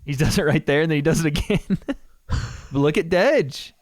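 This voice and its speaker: A man's voice: fairly high pitch, expressive, moderate pace, no echo, clean studio sound. A man co-hosting a podcast, casually breaking down old fight footage and calling out punches with little sound effects.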